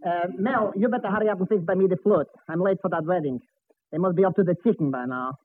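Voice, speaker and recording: A flute player. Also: male voice, sits high, fast, slightly rough. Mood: comic. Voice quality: broken English, joke-telling. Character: Mister Potchnick, excitable immigrant flute player, middle-aged man. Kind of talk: 1940s radio sitcom acting. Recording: tinny old radio broadcast with hiss.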